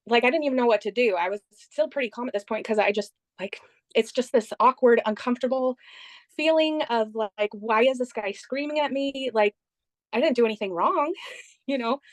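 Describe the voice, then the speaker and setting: A woman being interviewed, telling the story of a trip in a lively conversational way and quoting what others said. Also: a little high, normal speed, no echo. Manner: animated retelling, quoting others.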